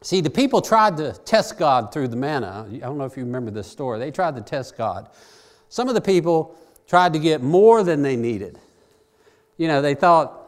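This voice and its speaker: Conversational preacher man, slightly high voice. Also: very animated, moderate pace. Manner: conversational preaching, reads scripture aloud and explains it plainly; varies pace, drawing out key phrases and speeding up asides. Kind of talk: sermon.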